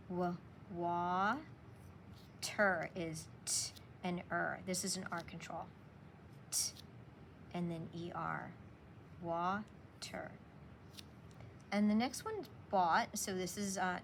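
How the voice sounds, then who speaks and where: A woman teacher giving a slow, patient spelling lesson, sounding out words for young students. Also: medium pitch, slight background noise.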